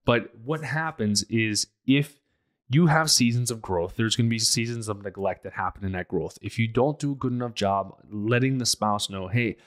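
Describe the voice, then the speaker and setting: A man's voice: mid-range voice, moderate pace. A man hosting a relationship podcast, giving casual advice in a blunt, emphatic, conversational way.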